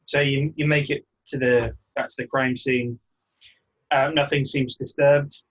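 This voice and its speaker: A man narrating as game master of a tabletop game, relaxed and hesitant with many fillers. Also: medium pitch, unhurried, low-quality recording.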